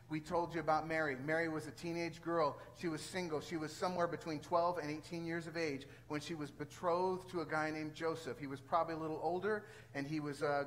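An older man preaching a sermon, telling a personal story in an animated way with exasperated outbursts and frequent throat clearing. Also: on the high side, poor audio. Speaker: pastor.

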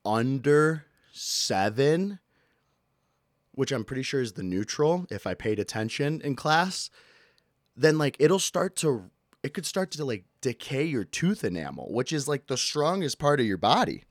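A medium-pitched male host rants and jokes his way through everyday gripes on a casual solo podcast. Animated and quick to bellow out a bit, he's recorded with clean studio sound and no echo.

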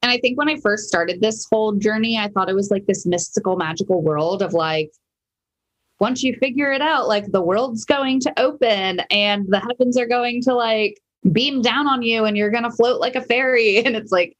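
A woman appearing as a guest on a podcast, speaking at an everyday middle pitch. She chats casually and emotionally, with a bubbly lilt and frequent laughter. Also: a bit bright, poor audio. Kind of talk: casual chat.

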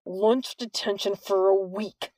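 A woman voicing a harsh, cruel bald male vice principal who speaks slowly and menacingly. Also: mid-range voice, steady tone, a little mellow, dry recording.

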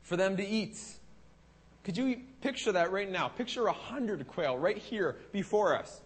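A man preaching a sermon to a congregation, animated and dramatic, acting out the words of God and the Israelites. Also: high-pitched, a little slow. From Canada. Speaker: pastor.

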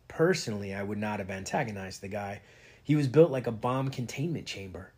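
Husky man reading a novel aloud. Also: on the low side, expressive, fairly quick, darkish tone. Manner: reads with light character voices and stops to chat. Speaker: reader. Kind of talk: casual read-aloud of a novel.

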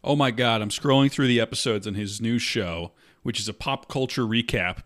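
A man's voice: medium pitch, normal speed, hardly any pauses, a bit bright. A man co-hosting a comedy podcast, ranting in a sarcastic, mock-indignant way. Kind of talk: improvised comedy podcast banter.

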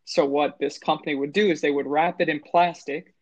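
A man's voice: on the high side, steady tone, brisk, no room sound. A man co-hosting a podcast, telling a story in a rambling way and correcting himself as he goes. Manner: rambling, self-correcting, fillers. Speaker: podcast co-host. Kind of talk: casual storytelling.

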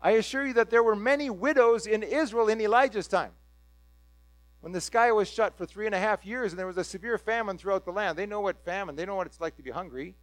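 A man preaching a sermon in a storytelling manner, acting out the crowd's eager reactions in lively bursts. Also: high voice, fast, no echo.

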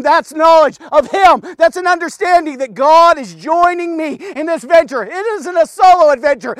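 Guy preaching a devotional, really high voice, super fired up, yells then drops to a hush, dry close mic. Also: no room sound. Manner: fervent, emphatic, rapid swings between shouting and hushed talk. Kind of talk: energetic devotional sermon.

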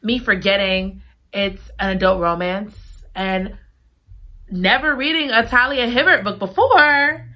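A woman recapping a book in casual chat, gushing and giggly, repeating her excited exclamations. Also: medium pitch, measured pace. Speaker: book reviewer.

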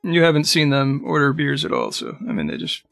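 A man running a tabletop game, who narrates in a halting, rambling way full of fillers. His voice is gravelly and a little high. The sound is dry and close. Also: big pitch swings, a bit bright, dry recording, soft background music. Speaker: game master.

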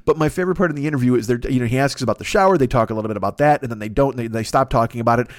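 A man's voice: medium pitch, rapid-fire. A man hosting a podcast, riffing through a profane comic monologue with bursts of laughter. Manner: animated, swearing, bursts of laughter. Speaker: podcast host.

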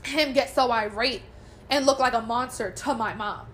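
Young woman, fairly high voice, blunt and profane, tells her own story in loose chat; faint hiss under the recording. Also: normal speed, a bit bright. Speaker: guest telling her story. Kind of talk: casual chat.

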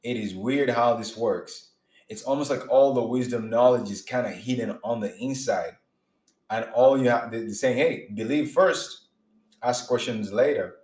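A man delivers an informal sermon in an earnest, emphatic way, often restarting sentences and acting out his examples. His voice sits in a middle pitch. The recording carries a roomy echo. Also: darkish tone. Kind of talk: informal preaching monologue.

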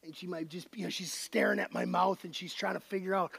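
A male pastor giving a conversational, animated sermon to his congregation. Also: sits high, quick pace, vocal fry, slightly rough.

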